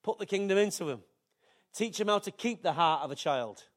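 Older pastor, high-pitched and chatty. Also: male voice, lively intonation, a little fast. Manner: conversational, jokey preaching with asides to the congregation. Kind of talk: sermon.

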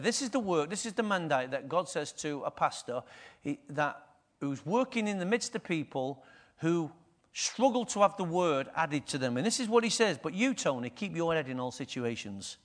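High-voiced pastor preaching. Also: male voice, a bit bright. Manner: conversational preaching, asks the congregation questions. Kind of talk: sermon.

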